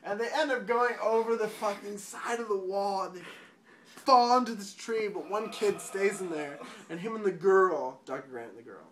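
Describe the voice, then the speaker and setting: A man's voice: high voice, moderate pace, a bit bright. A drunk young man retelling a film in a rambling, swearing way, often laughing and tripping over his words.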